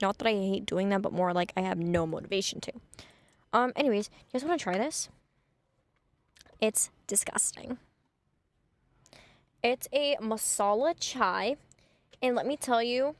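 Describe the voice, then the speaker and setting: A young woman vlogger telling a story in a casual way. She is animated and blunt, swears freely and acts out the scenes dramatically. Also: mid-range voice, no room sound.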